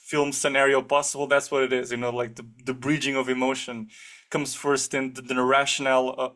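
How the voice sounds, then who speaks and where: A man with a Portuguese accent co-hosting a film podcast, talking in a casual, animated and sarcastic way and acting out scenes as he goes. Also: mid-range voice. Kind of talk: casual film review chat.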